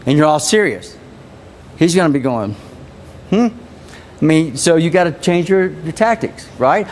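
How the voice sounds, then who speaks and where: A man's voice: a little high, slight background noise. A man leading a live sales training, coaching his team with repeated phrases and questions to the room. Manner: energetic, repetitive coaching, asks the audience questions.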